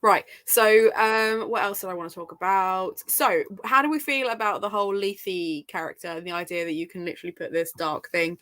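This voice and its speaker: A woman's voice: medium pitch, brisk, hardly any pauses, a bit bright. A woman hosting a casual book discussion over a video call, chatty and laughing often. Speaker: book club host.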